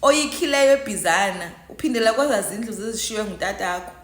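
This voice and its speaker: A woman's voice: mid-range voice, lively intonation, fairly quick. Emotional South African woman in a roomy echo. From Eastern Cape, South Africa. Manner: emotional, mixes English with isiXhosa. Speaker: vlogger. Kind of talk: casual vlog commentary.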